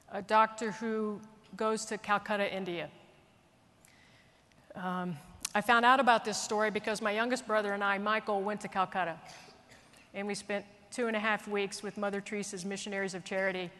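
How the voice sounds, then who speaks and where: A woman military leader telling a story in an earnest, animated way, speaking at a conference. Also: medium pitch, moderate pace. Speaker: military leader giving a speech. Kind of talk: storytelling speech. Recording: long reverb of a large hall.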